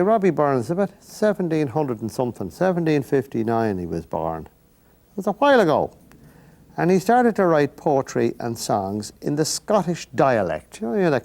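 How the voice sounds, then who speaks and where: Chatty older Irish painting teacher. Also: male voice, mid-range voice, creaky, darkish tone. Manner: rambling, folksy asides to the viewer. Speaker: painting instructor and host.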